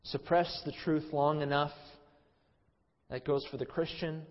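A man in his thirties preaching a sermon as pastor, impassioned, swinging from loud emphasis to a low hush. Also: level tone, measured pace. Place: church sanctuary. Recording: muffled sound in a hall with long reverb.

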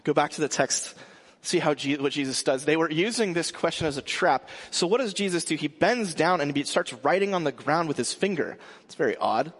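A man gives a sermon in a loose, conversational way. He often restarts his sentences and fills pauses. His voice sits a bit high and carries a long echo, as if he is recorded in a large church hall. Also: expressive, fairly bright tone, slightly rough. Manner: conversational with frequent restarts and fillers. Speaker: pastor.

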